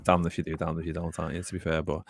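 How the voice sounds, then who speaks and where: A man's voice: low voice, monotone, rapid-fire, gravelly, dry recording. A man hosting a casual football podcast, rambling, swearing freely and talking to his live chat. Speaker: podcast host.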